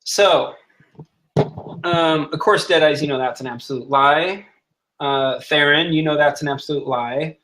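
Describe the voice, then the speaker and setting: A man's voice: fairly high pitch, a little slow, sharp tone, low-quality recording. A man narrating as game master of a tabletop role-playing game, who plays the characters in his own voice.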